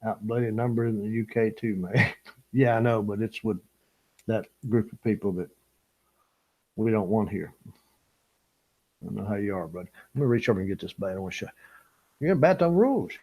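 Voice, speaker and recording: A man's voice: lowish voice, fairly even intonation, normal speed, long pauses, a little mellow, breathy edge, low-quality recording. An older man from Louisiana, chatting casually with viewers on a fishing live stream and laughing often. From Louisiana, USA. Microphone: small camera-top microphone.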